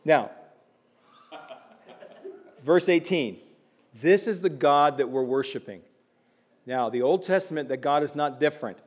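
A man preaching a sermon in a conversational way, slipping in quick asides and building to emphatic warnings. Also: a little high. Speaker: pastor.

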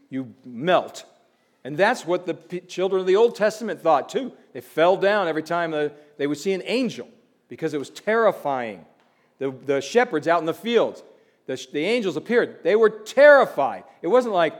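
A man delivers a sermon in a slightly raised voice. He talks to the congregation in a loose, conversational way with quips and asides, then presses his warnings with growing emphasis. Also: sits high. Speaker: pastor.

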